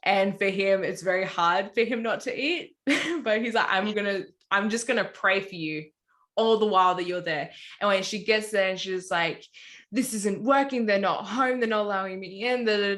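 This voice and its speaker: A woman's voice: medium pitch, bright, forceful tone. An Australian woman co-hosting a church podcast, telling a story in a rambling, casual way full of fillers. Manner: rambling, many "anyway" and "like" fillers. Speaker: podcast co-host.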